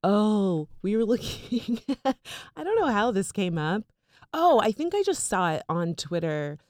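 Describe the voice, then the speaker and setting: A young adult woman co-hosting a podcast in casual chat, giggly and chatty with animated storytelling. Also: mid-range voice, unhurried, no room sound, clean studio sound. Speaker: podcast co-host.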